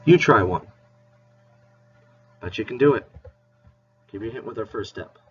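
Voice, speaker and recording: A man's voice: on the low side, animated, normal speed, distant mic, soft background music. A male teacher giving a playful, encouraging math lesson to children. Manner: encouraging, playful, spells words out. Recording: dull lo-fi recording with faint hiss.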